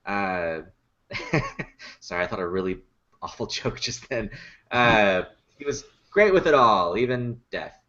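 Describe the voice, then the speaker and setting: A man's voice: on the low side, expressive, slow, sharp tone. Chatty lo-fi man telling puppet stories. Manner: laughs easily, chatty storytelling with many fillers. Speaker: puppet builder and performer. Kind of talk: casual podcast chat.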